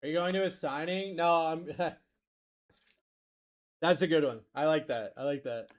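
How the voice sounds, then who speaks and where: A man hosting a live card-break stream, with a voice sitting a little high for a man. He rattles off player names as he opens packs and answers viewers in casual chatter. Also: moderate pace. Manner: rattles off player names, reads chat aloud.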